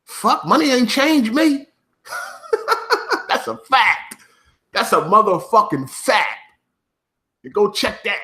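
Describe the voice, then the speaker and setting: A man's voice: sits high, animated, takes it slowly, bright, forceful tone. A man ranting on his video channel, swearing often and hammering the same points over and over. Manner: profane, repetitive, emphatic ranting. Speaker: YouTuber. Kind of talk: vlog rant to camera.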